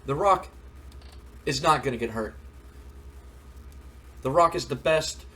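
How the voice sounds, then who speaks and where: A man's voice: on the high side, lively intonation, takes it slowly, sharp tone, heavily acted. A man doing an impression of a cocky male wrestler who boasts and talks about himself in the third person. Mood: boastful.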